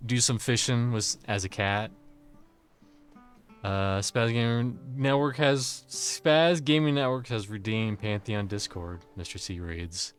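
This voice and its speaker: A man's voice: mid-range voice, takes it slowly, soft background music. A man streaming a game live, chatting crudely and jokingly with his chat while a bit drunk. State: tipsy.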